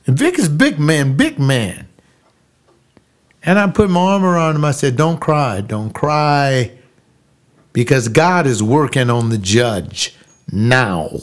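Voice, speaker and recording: An older man, a pastor, telling a personal story slowly and emphatically, repeating phrases and rising into preaching. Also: medium pitch, expressive.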